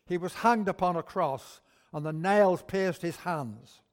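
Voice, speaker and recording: A man preaching a sermon in a church, his slightly high voice carrying a long echo around the building. He talks very slowly and emphatically, leaning on single words and repeating them. His phrases come in measured, deliberate steps.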